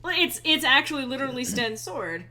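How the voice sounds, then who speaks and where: A woman streamer chatting casually over gameplay, reading chat aloud, frank and quick to swear. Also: high-pitched, very animated, bright, forceful tone.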